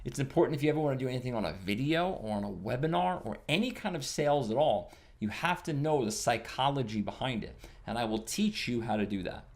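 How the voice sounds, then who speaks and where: A man teaching a sales lesson, talking emphatically, repeating key points and checking in with "okay?" and "right?". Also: mid-range voice. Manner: emphatic, repetitive coaching with frequent "okay?" and "right?". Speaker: sales trainer. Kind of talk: recorded sales training lesson.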